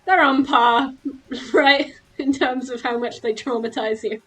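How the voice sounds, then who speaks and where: A woman streaming a game, chatting casually in an excitable, giggly way with quick exclamations. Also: high voice, husky, soft background music, rough recording. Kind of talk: casual gameplay chat.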